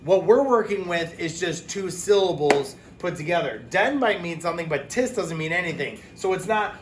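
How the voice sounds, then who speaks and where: A man's voice: high voice, expressive, a little hiss or hum. Chatty man teaching a phonics lesson. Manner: chatty, explains with quick asides and self-corrections.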